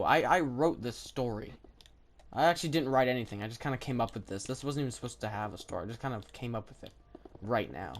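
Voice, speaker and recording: Low-voiced woman, excitable and rambling. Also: slight background noise. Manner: chatty and excitable, thinks aloud with many fillers. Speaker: gaming video creator. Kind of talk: rambling gameplay commentary.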